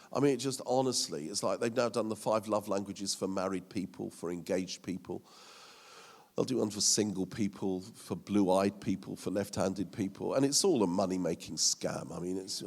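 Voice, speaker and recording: A pastor preaches a sermon in a church hall, his medium-pitched, somewhat dark voice carrying humor and self-mockery along with plenty of fillers. The recording has a long church-hall reverb.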